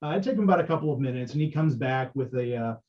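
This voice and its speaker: A man's voice: medium pitch, animated, very fast. Give me a male game master narrating a tabletop game, dull lo-fi recording. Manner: rambling, filler-heavy narration. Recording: dull lo-fi audio.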